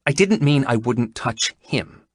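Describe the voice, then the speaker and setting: A man's voice: mid-range voice, lively intonation, unhurried, dry recording, clean studio sound, pitched above the performer's own voice. Man voicing a prim, scolding young woman doctor. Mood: exasperated. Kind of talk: audiobook character reading.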